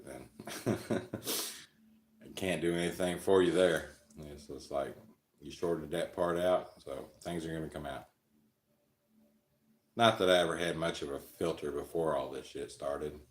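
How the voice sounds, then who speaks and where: A man's voice: a bass voice, steady tone, moderate pace, reverberant. A man hosting a live stream, telling rambling, crude, joking stories and chuckling often. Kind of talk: casual storytelling chat.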